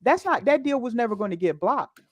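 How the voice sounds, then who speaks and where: A woman's voice: a little high, expressive, fairly quick, darkish tone, no echo. A woman co-hosting a casual opinion chat, talking emphatically and often adding okay. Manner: emphatic, frequent laughs and okays.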